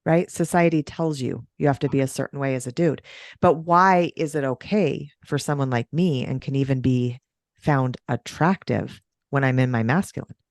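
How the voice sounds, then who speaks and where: A woman who runs breathwork sessions, chatting on a podcast and telling stories with an animated, swooping delivery. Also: normal speed, no room sound, clean studio sound. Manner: animated storytelling, big pitch swings. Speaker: breathwork facilitator. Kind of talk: podcast conversation.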